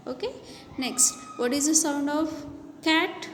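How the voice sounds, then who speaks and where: A woman's voice: high-pitched, steady tone, reverberant, big-room sound, a little hiss or hum. A woman with a Marathi accent teaching an English nursery poem, spelling each word out letter by letter. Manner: slow, spells words letter by letter. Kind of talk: reading and explaining a children's poem.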